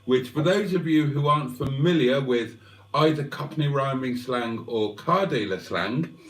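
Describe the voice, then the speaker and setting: A man hosting a livestream, chatting to viewers in a rambling, wry, self-mocking way and clearing his throat often. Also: medium pitch, unhurried. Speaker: livestream host. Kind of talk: rambling casual chat to viewers. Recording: roomy sound, mic at a distance.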